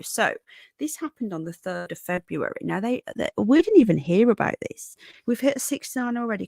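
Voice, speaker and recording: This livestream host is a woman from the North of England with a medium pitch and noticeable vocal fry. Tired but friendly, she greets each viewer by name as she reads the chat, using darling and sweetheart. The sound is clean studio quality with no room sound.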